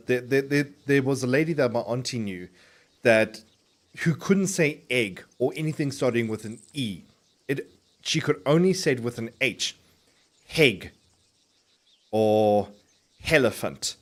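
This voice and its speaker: A male game streamer talks casually at a middling pitch while he plays. He rambles, breaks off and restarts his sentences, and swears often, but his words are crisply enunciated. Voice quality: clearly enunciated.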